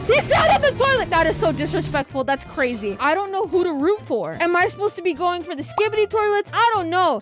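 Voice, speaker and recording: A woman hosting a reaction video, excitable and quick to gasp and shout in surprise, with the soundtrack of the video she watches playing behind her. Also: high voice.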